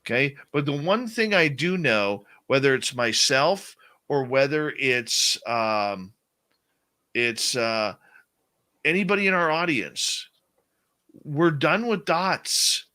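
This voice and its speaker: A man's voice: mid-range voice, animated, slow, bright, forceful tone. A man hosting a late-night radio show, talking with passion and stressing his points with a repeated "okay?".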